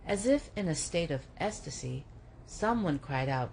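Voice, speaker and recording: A woman with a low voice reads a memoir aloud, measured and steady in her delivery. Faint noise sits under the recording. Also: gravelly, low-quality recording. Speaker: book club reader.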